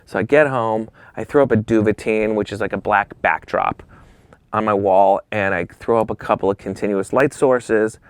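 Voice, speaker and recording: A man, a photographer and interview guest, telling animated stories and acting out the dialogue with casual swearing. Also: lowish voice, moderate pace, clear, resonant tone, no room sound. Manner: acts out quoted dialogue in shifting voices. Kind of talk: animated storytelling.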